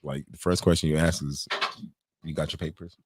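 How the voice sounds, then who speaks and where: A man co-hosting a podcast in casual chat, telling stories with lively acted-out quotes and loose swearing. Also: extremely low pitch, fairly quick, slightly rough, no echo. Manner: animated storytelling, acts out quoted voices, swears freely. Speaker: podcast co-host.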